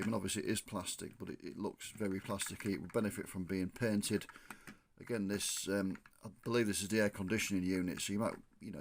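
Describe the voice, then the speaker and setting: A man reviewing a model coach, thinking aloud with frequent ums and restarts, slightly hoarse from losing his voice. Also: on the low side, a little hiss or hum. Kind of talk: casual hands-on product review.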